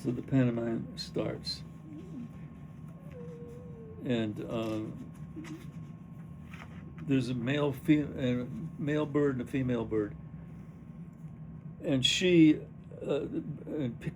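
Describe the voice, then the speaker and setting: A man reading stage directions aloud in a halting way at a play rehearsal. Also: mid-range voice, background noise. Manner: halting, restarting, narrating directions. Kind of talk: rehearsal read-through.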